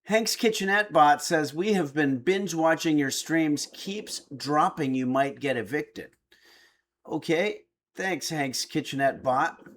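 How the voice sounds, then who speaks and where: A man's voice: on the high side, slow pace, fairly bright tone. A middle-aged man streaming, reading viewer chat aloud with dry, joking replies. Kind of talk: casual chat.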